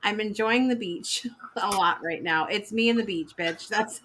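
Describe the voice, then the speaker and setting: Female host: bright, chatty, a little scattered and quick to laugh, with casual talk-show energy. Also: medium pitch, a little hiss or hum. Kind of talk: casual live-show hosting.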